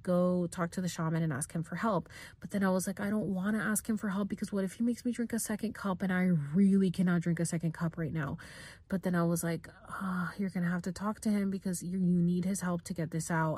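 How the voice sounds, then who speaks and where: A young woman casually telling a personal story on her podcast, full of "like" and animated bits where she acts out her own panicked reactions. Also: on the low side, no echo. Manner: heavy use of "like", informal swearing. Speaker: podcast host.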